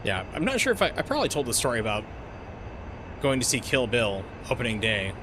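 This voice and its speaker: Telling a long, meandering story while streaming a game, a man in his forties speaks a little fast in a mid-range voice with huge pitch swings. He fills the casual chat with uhs and restarts, and there's background noise behind him.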